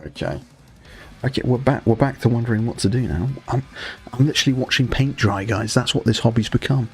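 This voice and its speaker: A young man from Britain streams as a hobby, talking fairly quickly in a mid-range voice with vocal fry and a British accent. He's chatty, jokes around with the chat, and swears, all over soft background music.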